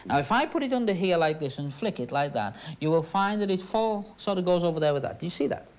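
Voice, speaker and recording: A man's voice: high voice, expressive, quick pace. A man performing magic with chatty, teasing patter for an audience. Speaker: stage magician.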